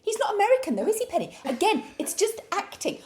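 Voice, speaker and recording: Brief: woman podcast co-host, teasing chatter, animated pitch. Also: slight background noise. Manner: chatty, teasing, quick to laugh. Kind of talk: casual chat.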